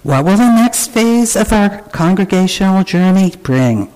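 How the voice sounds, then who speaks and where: Gentle, slow-reading worship leader. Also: mid-range voice, lively intonation, poor audio. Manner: gentle, halting, with fillers. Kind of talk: storytime reading in a service.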